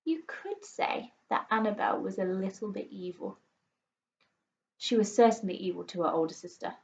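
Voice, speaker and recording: A woman teacher reading a children's book aloud to pupils, expressive and playful. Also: mid-range voice, normal speed, gravelly. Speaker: primary school teacher. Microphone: recorded for an online class video. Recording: slightly muffled lo-fi recording.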